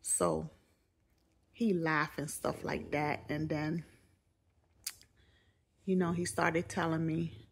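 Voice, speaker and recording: A middle-aged woman telling a personal story in a casual, animated, jokey way to camera. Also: deep voice, slow, long pauses, breathy edge. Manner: animated, jokey, quoting others in raised voices. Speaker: vlogger.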